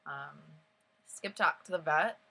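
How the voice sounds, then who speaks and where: Young woman, slightly low voice, rambling storytime, heavy filler words, emotional retelling. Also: slow pace, vocal fry. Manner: emotional and animated while recounting. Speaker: vlogger. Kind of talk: storytime vlog.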